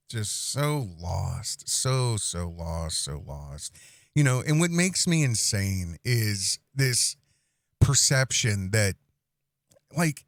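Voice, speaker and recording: A male podcast host comments on a clip with slow, drawn-out exasperation. His pitch swings widely, and the recording is dry and close. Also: dry recording.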